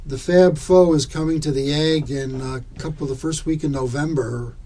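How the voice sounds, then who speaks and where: Husky kinda high guy rambling on a studio podcast, animated. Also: normal speed. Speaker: podcast regular. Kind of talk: casual chat.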